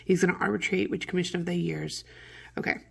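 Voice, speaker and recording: A woman teacher reading a play aloud and explaining it to students in casual, modern paraphrase, with throat clearing from morning allergies. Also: lowish voice, fairly even intonation, quick pace. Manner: conversational, paraphrases lines in plain modern words.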